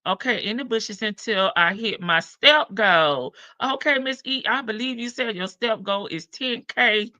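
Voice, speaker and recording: On a casual live stream, an older woman with a slightly high, sharp voice greets viewers individually, stretching her hellos, at a measured pace with few pauses. The sound is dull lo-fi stream audio without echo.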